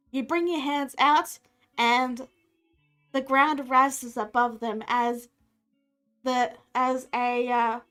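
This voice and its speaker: A woman running a tabletop game as dungeon master, describing scenes in a playful, rambling way. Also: fairly high pitch.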